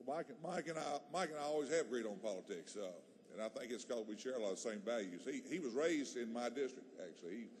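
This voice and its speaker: A male legislator gives a heartfelt, halting tribute speech on the floor of a large chamber, starting over often. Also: mid-range voice, expressive, darkish tone, a little hiss or hum. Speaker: state legislator.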